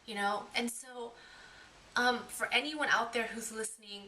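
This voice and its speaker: A woman's voice: fairly high pitch, measured pace, sharp tone, slight background noise. A young adult woman sharing her personal faith testimony in a heartfelt, earnest way, often restarting her sentences. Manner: earnest and emotional, with frequent restarts.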